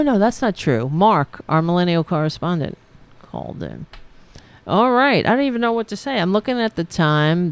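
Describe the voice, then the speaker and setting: A woman hosting a live-streamed show, chatting in a rambling, halting way, laughing and thanking viewers. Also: fairly low pitch, clear, resonant tone. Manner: rambling, halting, laughs often, talks to her cats. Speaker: podcast host reading viewer comments. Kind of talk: casual live-stream chat.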